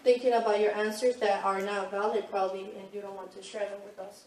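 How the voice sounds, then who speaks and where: A woman's voice: medium pitch, flat delivery, fast, background noise. A woman giving an earnest public comment at a school council meeting. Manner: earnest, appealing. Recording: echoey room, distant mic.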